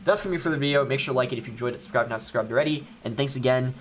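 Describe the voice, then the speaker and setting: A man's voice: mid-range voice, very fast, a little hiss or hum. A young man casually commenting on his own gameplay as he plays, thinking aloud with frequent ums. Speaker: gaming YouTuber.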